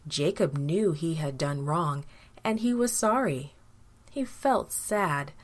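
A woman narrating a Bible story for children in a gentle, deliberate way. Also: medium pitch.

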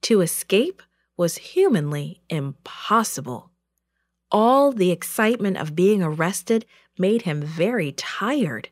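A woman reads a children's story aloud, slowly and clearly. Her pitch moves a lot as she makes the story vivid. The recording is dry and close, with no room sound. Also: dry recording. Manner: slow and expressive.

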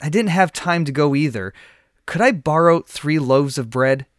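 A man's voice: fairly high pitch, normal speed, dry recording, clean studio sound, natural voice. A man doing a pleading midnight neighbor. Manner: pleading, apologetic. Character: anxious grown man neighbor begging a favor. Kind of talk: read-aloud storybook acting.

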